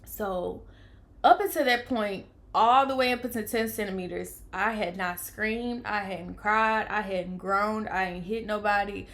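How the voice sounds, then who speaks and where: A young woman vlogger tells her birth story casually and animatedly, at a middle pitch and a slightly slow pace. She acts out the voices of the people around her, swinging from loud to a near whisper when she sounds worn out.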